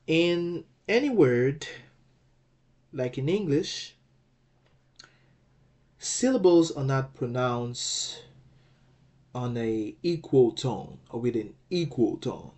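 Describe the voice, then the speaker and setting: A man teaching a language lesson, explaining step by step in a deliberate way, often rephrasing himself and adding fillers. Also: medium pitch, a little mellow.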